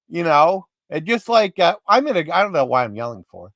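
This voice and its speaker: Guy hosting a livestream, kinda high voice, rambles and gets all worked up, dry close sound. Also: sing-song, fairly quick, hardly any pauses, fairly bright tone, no room sound. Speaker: livestream host. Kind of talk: casual rambling storytelling.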